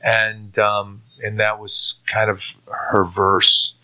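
A middle-aged man giving a personal faith testimony in an earnest, halting way, often restarting and repeating words. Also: lowish voice, monotone, pushed and bright. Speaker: testimony speaker.

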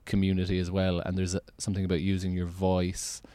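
Rambling Irish man, low voice. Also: monotone, quick pace, warm tone, dry recording. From Ireland. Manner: rambling, many restarts and "like" fillers. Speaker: podcast host. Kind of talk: casual podcast chat.

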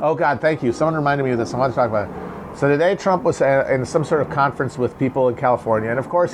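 A man's voice: medium pitch, quick pace, a little hiss or hum. A man hosting a casual, rambling political commentary, sardonic and profane. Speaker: commentator host.

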